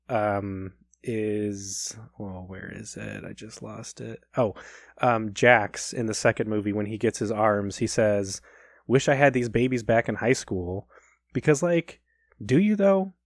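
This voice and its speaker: A man's voice: lowish voice, slow, dry recording. A man co-hosting a casual podcast, rambling and joking with swearing about movies. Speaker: podcast co-host.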